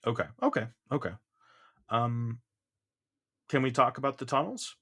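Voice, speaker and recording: A man's voice: mid-range voice, lively intonation, normal speed, a bit bright. Hesitant, coaxing man, laughing often. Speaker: host. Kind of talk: improvised comedy bit.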